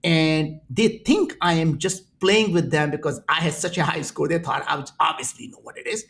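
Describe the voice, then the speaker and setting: A man in his sixties from India with an Indian accent, a guest telling animated stories in an interview. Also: a little high, normal speed, vocal fry. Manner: animated, acts out quoted voices in his stories. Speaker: entrepreneur guest. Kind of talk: storytelling in an interview.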